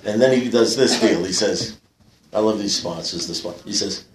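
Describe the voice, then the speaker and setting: A man's voice: lowish voice, moderate pace, far from the mic, a little hiss or hum. An older man telling stories at a recovery meeting in a wry, self-mocking way, with punchy jokes. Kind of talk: storytelling share at a recovery meeting. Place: meeting hall with live audience. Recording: echoey room, picked up from afar.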